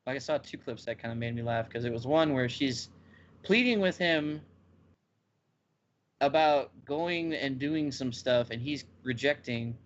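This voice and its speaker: A man co-hosting a casual podcast chat, retelling scenes with lively acted-out bits. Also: medium pitch, measured pace, dull audio, slight background noise. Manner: animated storyteller acting out scenes. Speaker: podcast co-host.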